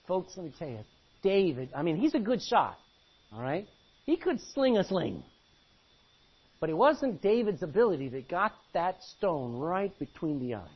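A pastor preaching a sermon, reading scripture dramatically and asking the congregation rhetorical questions. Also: male voice, a little high, breathy edge, highs cut off.

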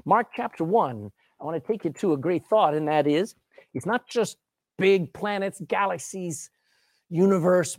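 A man preaching a sermon, reading old-style scripture aloud, explaining it emphatically, and often clearing his throat. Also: a little high, darkish tone, dry recording, studio quality.

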